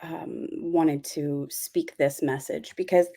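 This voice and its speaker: A woman's voice: low-pitched, fairly even intonation, slow pace, creaky, warm tone. A woman giving a casual spiritual talk as host of her channel, rambling with many fillers and apologies.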